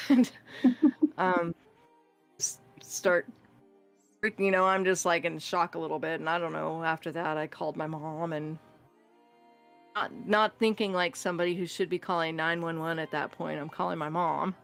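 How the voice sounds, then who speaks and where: A woman casually telling a true scary story on a podcast, animated and acting out the voices in it. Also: lowish voice, moderate pace, gravelly, soft background music. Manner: animated, acts out voices in her stories, laughs often. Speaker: guest storyteller.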